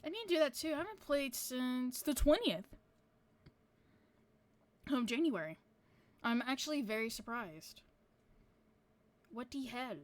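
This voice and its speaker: A woman's voice: high voice, lively intonation, measured pace, pauses often, no room sound. A woman streamer chatting casually to her viewers, rambling with lots of fillers and casual swearing.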